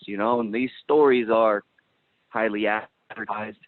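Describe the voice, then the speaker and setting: A man with a lowish voice talks in a loose, animated, blunt way, cursing offhandedly. The sound is dry and narrow, like a phone line. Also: a little slow, dry recording. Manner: animated, blunt, swears casually. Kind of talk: casual roundtable chat.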